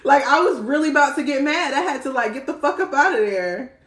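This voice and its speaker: Young woman, loose and profane live-stream chat, bit high, roomy echo. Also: expressive, fairly quick, heavy background noise. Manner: slangy, swears freely, laughs often. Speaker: spiritual livestream host. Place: indoor room, live stream.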